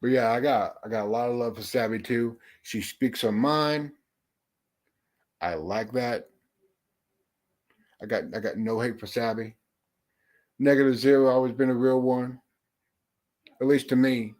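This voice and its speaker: A man's voice: mid-range voice, a little slow, pauses often, a little mellow. A man hosting a casual livestream chat, greeting viewers and talking bluntly with heavy swearing and frequent restarts. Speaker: livestream host.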